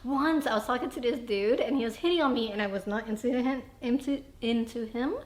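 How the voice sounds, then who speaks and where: A woman hosting a casual chat over wine, animated and laughing, often jumping into high exclamations. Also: brisk. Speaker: host.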